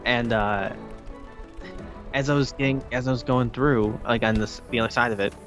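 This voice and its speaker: A man chatting casually over a game, telling a story in halting starts with many fillers. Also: medium pitch, fairly even intonation, a bit bright, faint music behind. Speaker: co-host. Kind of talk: casual gaming chat.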